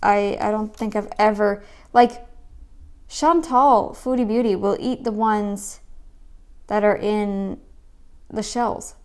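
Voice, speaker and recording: A woman giving casual reaction commentary, rambling and turning loud and scolding when annoyed. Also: mid-range voice, fairly even intonation, slow, long pauses, smooth.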